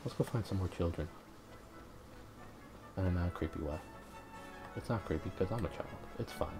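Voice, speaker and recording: A man's voice: low voice, moderate pace. A man hosting a let's play, rambling through self-mocking jokes while game music plays.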